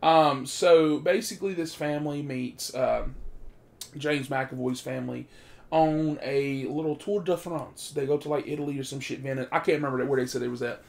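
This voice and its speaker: Gravelly, profane casual movie reviewer man. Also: mid-range voice, moderate pace. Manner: animated, profane, loud bursts of excitement.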